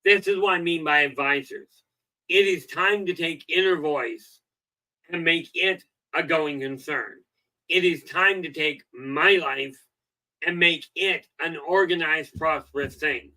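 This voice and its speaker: A man's voice: on the high side, a little slow, pushed and bright, rough recording. A middle-aged man hosting a self-help livestream, rambling in a folksy way with lots of "okay" and "you know," and telling jokes. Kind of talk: casual livestream talk.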